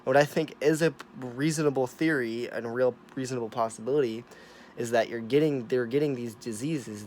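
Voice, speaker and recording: Male vlogger, mid-pitched voice, ranting straight to camera: heavy swearing, insistent repetition, drops to mutters, then loud emphatic bursts. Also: a little hiss or hum. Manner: profane, emphatic, repetitive, swinging from mumbling to loud.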